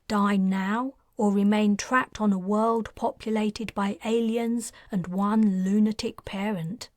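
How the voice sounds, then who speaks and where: A woman, the author, reading her own science fiction audiobook in measured, even scripted narration. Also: medium pitch, no room sound.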